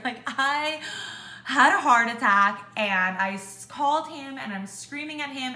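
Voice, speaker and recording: Young woman, casual reviewer, chatty with many fillers, bright tone in an echoey room. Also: on the high side, moderate pace. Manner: chatty, heavy use of "like", animated when ranting. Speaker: beauty vlogger. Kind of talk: casual product review chat.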